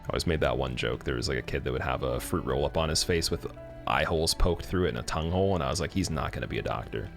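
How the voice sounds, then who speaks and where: A man's voice: extremely low pitch, fast talker, fairly bright tone, faint music behind. A man from Canada chatting casually with viewers while streaming a game, rambling with plenty of fillers. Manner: rambling, many fillers and restarts. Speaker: livestreamer.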